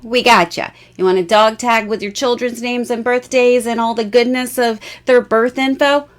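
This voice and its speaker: A woman's voice: on the high side, fairly even intonation, moderate pace. A bubbly, chatty woman in her forties, hosting a casual jewelry live stream and laughing often.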